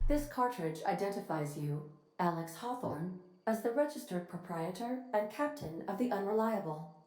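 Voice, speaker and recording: A woman voicing a polite, literal-minded female ship computer in a video game, speaking in a formal, precise, evenly measured way. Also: medium pitch, animated, darkish tone, lightly acted. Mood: courteous. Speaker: ship's AI. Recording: echoey game audio with faint music.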